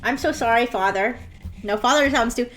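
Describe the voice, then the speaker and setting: A giggly woman streamer with a high, light voice talks casually with her live chat as she draws. She keeps a playful, joking tone and slips into a bratty daughter act for a laugh. Soft music plays faintly underneath. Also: normal speed. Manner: acts out a bratty daughter in jest.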